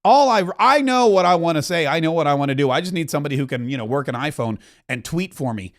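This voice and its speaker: A man's voice: a little high, lively intonation, quick pace. A man from Florida hosting a political commentary podcast, riffing with mocking asides. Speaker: podcast host.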